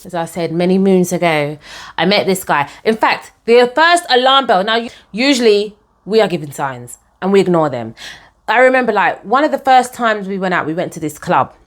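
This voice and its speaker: A young woman telling her own story to camera in a chatty, animated way, often calling her viewers guys. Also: mid-range voice, normal speed.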